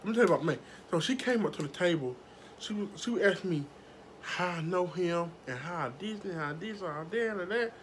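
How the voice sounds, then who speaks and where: A woman vlogger telling a story to her viewers in a casual, animated way, swearing freely. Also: fairly low pitch, a little fast, a little hiss or hum. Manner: animated, profane, talks straight to viewers.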